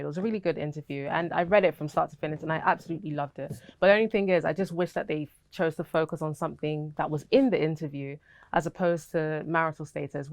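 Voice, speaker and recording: Young British actress, low smooth voice, candid and chatty, dry close sound. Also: female voice, no room sound. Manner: candid, chatty, laughs easily. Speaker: actress interviewee. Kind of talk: casual interview answers.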